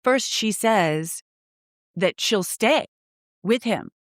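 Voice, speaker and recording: A woman co-hosting a podcast, chatting casually about an old movie and retelling the plot with animated quotes. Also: mid-range voice, extremely slow, dry recording, studio quality. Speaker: podcast co-host. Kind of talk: casual movie rewatch chat.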